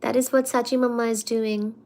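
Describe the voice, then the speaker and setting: A woman hosts a casual live study stream from home, talking with a fairly high voice. She is chatty and loose, full of ums and restarts, and coos baby talk to her cat now and then. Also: flat delivery, brisk, mellow. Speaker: livestream host. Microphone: computer mic during a livestream.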